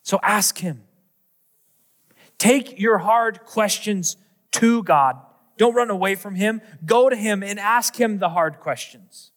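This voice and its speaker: A man's voice: high-pitched, takes it slowly, a bit bright. A man preaching a sermon as pastor, with an earnest, repetitive cadence that builds through his lines. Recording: long echoey hall reverb.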